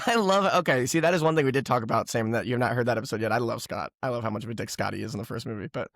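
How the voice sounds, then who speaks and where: A man's voice: medium pitch, rapid-fire, fairly bright tone, no room sound, clean studio sound. A man co-hosting a movie podcast, rambling in a casual chat and laughing often. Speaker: podcast co-host.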